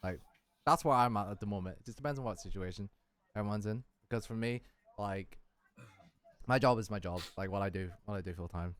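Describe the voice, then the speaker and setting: A man's voice: on the low side, a little fast. A man hosting a casual chat, rambling and repeating himself, swearing and laughing often. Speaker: podcast host.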